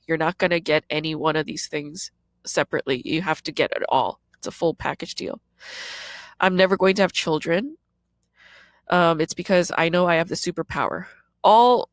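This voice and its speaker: A woman's voice: fairly low pitch, a bit bright, no room sound. Woman in her 30s talking straight into the mic, super blunt and sweary, dry close sound. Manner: blunt, profane and raw. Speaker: podcast host and comedian. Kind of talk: confessional monologue.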